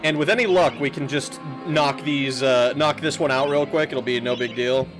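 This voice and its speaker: A man gives loose, casual commentary while playing a video game, cracking jokes and laughing along with his chat. His voice sits at a middle pitch, and the game's music runs clearly underneath. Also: normal speed. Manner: joking, chatty, laughs often. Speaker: streamer.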